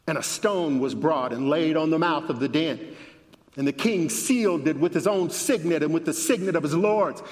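A man preaching a sermon and reading scripture aloud with dramatic emphasis, his voice rising at the high points. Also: long reverb tail.

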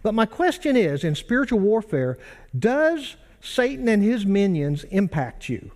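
A male pastor preaching in a relaxed, talky way, posing questions to the congregation and then answering them. His voice sits on the higher side for a man. The sound carries a long, ringing reverb, as in a large church hall. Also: measured pace. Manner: conversational, asks rhetorical questions and answers them. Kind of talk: sermon.

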